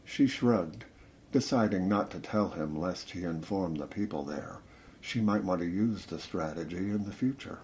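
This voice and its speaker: A man narrating a novel in a measured, steady reading. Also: low-pitched. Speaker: audiobook narrator. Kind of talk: scripted narration.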